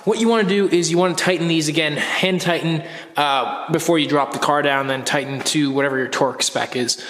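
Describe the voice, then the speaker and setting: Hoarse man, scratchy voice, slightly high, rambling vlog talk, garage with long echo. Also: a little fast, a bit bright. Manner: rambling, with fillers and restarts. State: hoarse, recovering from a cold. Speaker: car vlogger host. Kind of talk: casual how-to vlog. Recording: echoey garage with long reverb.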